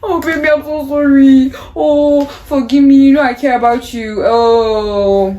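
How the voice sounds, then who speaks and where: A woman's voice: sits high, steady tone, measured pace, warm tone, dull audio, voice pushed up. A woman, mimicking her young boyfriend as he begs forgiveness in an exaggerated, mocking way. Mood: mock pleading. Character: grovelling boyfriend, young man, pleading theatrically.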